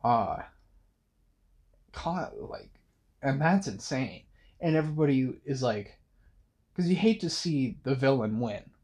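A man's voice: medium pitch, animated, slow pace, long pauses, darkish tone, slightly rough. A young man hosting a late-night monologue, rambling casually with many fillers and restarts. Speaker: podcast host.

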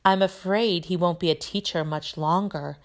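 A woman's voice: medium pitch, expressive, normal speed, voice pushed up, close to an everyday voice. A woman reading aloud and voicing a smug, spoiled schoolboy bully who drawls mockingly.

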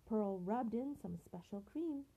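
Older woman reading a picture book, expressive and slow. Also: medium pitch, slightly rough, muffled recording. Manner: expressive, unhurried. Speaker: grandmother reading aloud. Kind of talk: picture book read-aloud.

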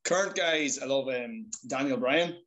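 A man's voice: medium pitch, a little slow, low-quality recording. A man talking casually on a podcast, his voice sitting in an ordinary middle register. He tells stories with energy, lifting his voice well above it whenever he acts out someone else's words. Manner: animated storyteller acting out quotes. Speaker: podcast guest, trainee wrestler. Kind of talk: casual chat.

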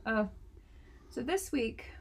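A woman's voice: fairly high pitch, expressive, takes it slowly, breathy edge. A young woman co-hosting a casual podcast, playful and teasing with mock-serious setups. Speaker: podcast co-host. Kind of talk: casual chat.

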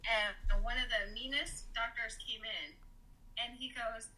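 A woman's voice: on the high side, unhurried, poor audio. A mother as a podcast guest, telling an emotional story and acting out what others said. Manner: animated, quoting others in lively voices.

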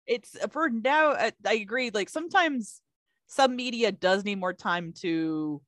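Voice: medium pitch, expressive, measured pace, fairly bright tone, no echo, studio quality. Hesitant, thoughtful podcast guest. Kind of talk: casual podcast discussion.

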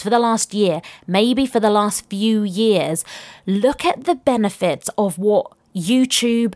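A young adult woman with a medium-pitched, darkish voice hosts a casual solo podcast as a business coach, sounding chatty and upbeat and laughing often while giving motivational business advice. There is no echo.

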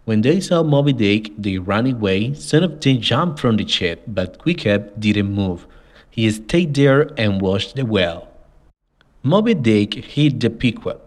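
A man reading a simplified adventure story aloud as the narrator, in a slow, measured way. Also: lowish voice, lively intonation. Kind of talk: scripted audiobook narration.

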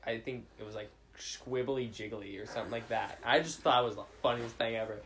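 Young man, playful quick storyteller. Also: medium pitch, a bit bright, a little hiss or hum. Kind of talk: casual chat among friends.

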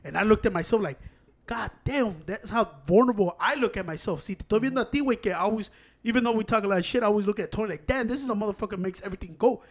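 A young man with a voice high for a man talks rapid-fire in loose, rambling casual chat. He swears a lot and drifts between Spanish and English.

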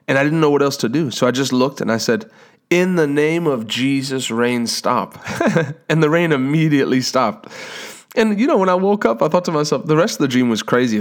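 Guy preaching a sermon, earnest, slows down on the big words, mid pitch. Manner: earnest, prays aloud, stresses words slowly. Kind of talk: sermon with scripture reading.

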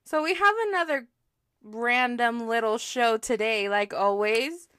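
A woman's voice: on the high side, measured pace, sharp tone, smooth, no echo, clean studio sound. A young woman co-hosting a casual chat podcast, giggly and rambling, with lots of "like". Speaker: podcast co-host.

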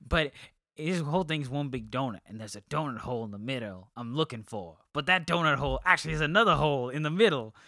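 In a brisk, animated way, this podcast co-host talks movies casually, often restarting and saying um. His medium-pitched voice sounds pushed and bright, with a clean studio recording and no room sound.

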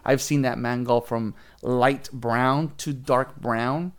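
A man's voice: medium pitch, slow, clean tone. A man hosting a podcast, telling a story in casual chat and acting out other people's voices. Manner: animated, laughs while telling stories, acts out other people's voices. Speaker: podcast host.

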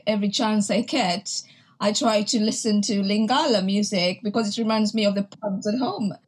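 A Kenyan woman hosting a podcast interview, chatting warmly and reading slow scripted segment links. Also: mid-range voice, fairly even intonation, husky. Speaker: podcast host.

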